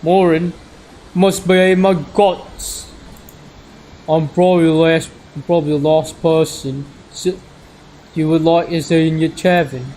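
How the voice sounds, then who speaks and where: A man's voice: fairly high pitch, steady tone, measured pace, dark tone, a little hiss or hum, natural voice, rough recording. A man voicing an uneasy, apologetic man from the past in a visual novel, using a put-on accent.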